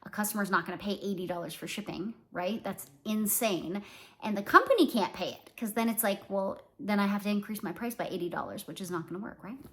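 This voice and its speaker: A woman's voice: mid-range voice, brisk, a bit bright. A woman from Canada in her forties, a small business owner talking casually to her viewers, rambling with lots of fillers. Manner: chatty, rambling, many fillers and "like"s. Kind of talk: casual talk to camera.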